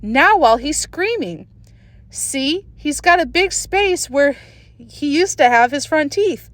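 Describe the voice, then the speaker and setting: A woman's voice: high voice, animated, slow, dry recording, voice pushed up. Woman doing a blunt young schoolboy. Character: matter-of-fact schoolboy friend.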